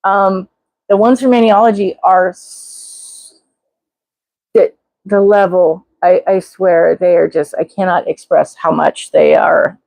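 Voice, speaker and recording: An older woman hosting a casual live chat, talking in an excitable, rambling way with many restarts. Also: on the low side, slow, vocal fry, no room sound, rough recording. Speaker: livestream host.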